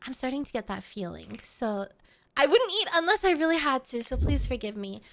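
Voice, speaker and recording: High-voiced playful woman streamer. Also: big pitch swings, a little fast, creaky. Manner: playful, giggly, rambling, talks to chat. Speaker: VTuber streamer. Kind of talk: casual livestream chat. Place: at home.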